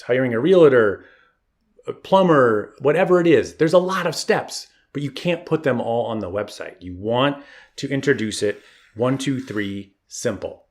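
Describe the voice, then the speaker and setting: A man coaching photographers in a live online webinar, energetic and encouraging, with tough-love advice and chat shout-outs. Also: mid-range voice. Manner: reads chat comments aloud. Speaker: marketing coach. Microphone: online video call.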